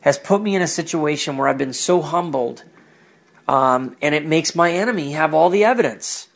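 A man's voice: on the high side, expressive, moderate pace, vocal fry. A man giving personal religious commentary on his own show, earnest and reflective. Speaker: podcast host with a ministry.

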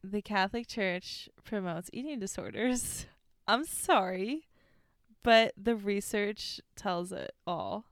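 A woman's voice: mid-range voice, slow, no room sound, clean studio sound. A young woman co-hosting a podcast in a casual chat, speaking frankly and bluntly and swearing now and then. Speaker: podcast co-host.

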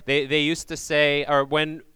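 A man leading a group through a Passover meal, giving loud instructions into a microphone and checking in with frequent "okay?"s. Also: a little high, flat delivery, measured pace, clean tone, dry recording. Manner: projects loudly into a microphone. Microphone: handheld or stand microphone.

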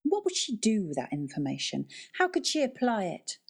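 A woman voicing Adrian, a stern, guarded uncle who speaks in a measured way, in an audiobook reading. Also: mid-range voice, wildly swooping pitch, creaky, slightly rough, pitched above the performer's own voice, exaggerated voice.

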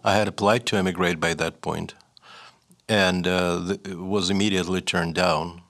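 An older man with a Russian accent recounts his past as an interview guest. His voice is low and gravelly, and he talks hesitantly, full of fillers and restarts. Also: fairly even intonation, moderate pace, a bit bright. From Leningrad, Soviet Union. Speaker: guest, writer. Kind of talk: reflective storytelling interview.

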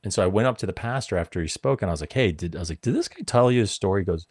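A man in his forties telling a personal story in casual talk, animated and swearing as he acts out what people said. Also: deep voice, rapid-fire, no echo, studio quality. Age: 40s. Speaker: podcast guest.

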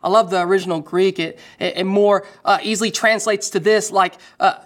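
Woman preaching a lively storytelling sermon. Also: mid-range voice, brisk, few pauses. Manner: lively storytelling with quoted voices.

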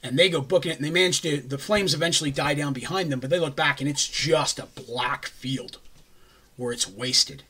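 A man's voice: mid-range voice, moderate pace, pushed and bright, husky. A man recapping a tabletop campaign in a casual, rambling way, with jokey asides. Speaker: game master recapping a campaign.

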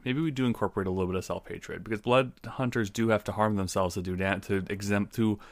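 A tabletop player speaks quickly in a lowish voice, asking questions and thinking out loud. The recording is dry and close. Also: male voice, steady tone, no echo. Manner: inquisitive, thinks aloud. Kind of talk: casual tabletop game chat.

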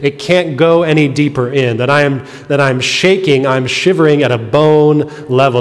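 A man preaching a sermon, explaining scripture in an earnest way, his voice dropping soft and quiet on heavy moments. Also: medium pitch. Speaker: pastor. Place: church sanctuary. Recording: long reverb of a church hall.

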